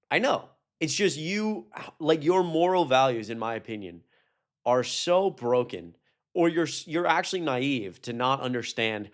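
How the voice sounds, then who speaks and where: A man in his twenties streaming live, ranting in heated, profane commentary that swings from outbursts to low mutters.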